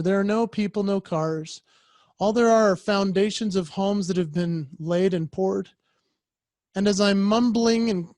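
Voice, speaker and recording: Brief: man, high voice, animated storytelling keynote speaker acting out voices, dry close sound on a video call. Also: dry recording. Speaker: professional speaker.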